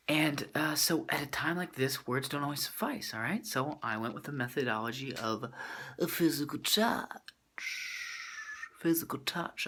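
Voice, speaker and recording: A man's voice: mid-range voice, bright, forceful tone. A man venting in a comedic vlog, mock-serious and dramatic with inflated vocabulary. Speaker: vlogger.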